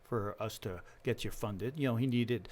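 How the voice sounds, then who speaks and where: A man's voice: lowish voice, normal speed. A middle-aged man, a business lender, talking casually in an interview and acting out the dialogue in his stories. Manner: animated storyteller acting out dialogue.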